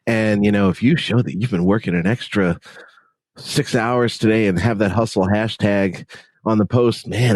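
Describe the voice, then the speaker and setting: Upbeat man, low dry voice. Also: a little mellow, dry recording. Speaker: podcast guest, mental health speaker. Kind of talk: conversational interview.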